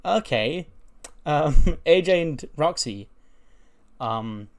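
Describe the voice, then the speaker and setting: A man's voice: fairly high pitch, lively intonation, drawn-out words. A man casually recapping a wrestling booking game, chatty and full of fillers. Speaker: gaming YouTuber. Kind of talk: casual commentary on a wrestling sim.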